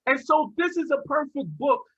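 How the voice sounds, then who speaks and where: A man presenting to teachers in an animated storytelling lecture, restarting often and chuckling as he goes, over a video call. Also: very high-pitched, moderate pace, muffled recording.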